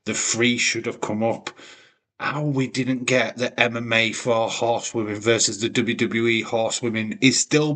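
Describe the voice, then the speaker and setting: A man's voice: mid-range voice, fairly bright tone. A man hosting a wrestling watch-along, giving blunt, opinionated commentary full of swearing and frequent restarts.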